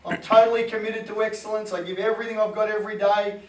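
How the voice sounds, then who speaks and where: A New man gives an animated motivational talk to fellow coaches, slipping into voices as he goes. His voice sits high for a man. The sound echoes around the room, and the mic is set back from him. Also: fast, recorded from a distance. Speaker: sports coach and presenter.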